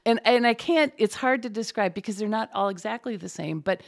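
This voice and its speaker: A woman's voice: mid-range voice, a little fast, gravelly. A woman working as a closed captioner, talking casually and animatedly as a guest in an interview. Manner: chatty, animated storyteller.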